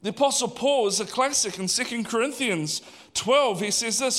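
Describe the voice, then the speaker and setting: A male pastor delivering a sermon with a high voice. He talks animatedly and conversationally, putting questions to the congregation. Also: moderate pace, fairly bright tone.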